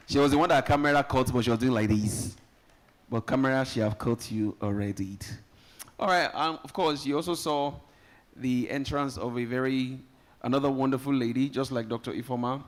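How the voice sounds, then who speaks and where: Nigerian male emcee, mid-pitched, jokey and rousing with a live crowd. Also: brisk. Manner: lively, joking, rallies the audience. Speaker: event host. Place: conference hall, live audience.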